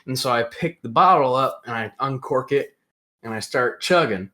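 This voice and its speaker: A young man, hosting a podcast and telling a lively story in casual chat. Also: medium pitch, normal speed. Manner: animated storyteller, acts out quoted voices loudly. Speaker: podcast host.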